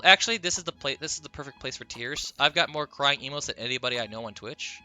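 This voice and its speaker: A man's voice: medium pitch, lively intonation, normal speed, pauses often, pushed and bright, faint music behind. A man streaming a video game, chatting playfully with his viewers and giggling at his own jokes. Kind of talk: casual live-stream chat while gaming.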